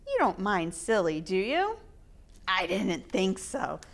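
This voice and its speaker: A woman hosting storytime, reading picture books aloud to children in an expressive, sing-song way. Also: medium pitch, slow. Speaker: storytime reader.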